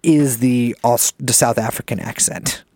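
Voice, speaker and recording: A man's voice: medium pitch, fairly even intonation, measured pace, darkish tone, no room sound, clean studio sound. A man co-hosting a podcast in casual, rambling and profane chat, joking and restarting his sentences. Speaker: podcast co-host.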